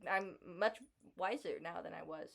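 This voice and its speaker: A young woman co-hosting a casual podcast, chatty and quick to laugh while reading old headlines. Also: fairly low pitch, vocal fry. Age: young adult. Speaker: podcast co-host.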